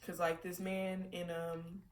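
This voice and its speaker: A woman with a low, level voice speaks slowly in a home vlog, reflecting openly with swearing and lots of laughter in a casual personal monologue. The audio carries a little hiss or hum, a roomy echo, and distance from the mic.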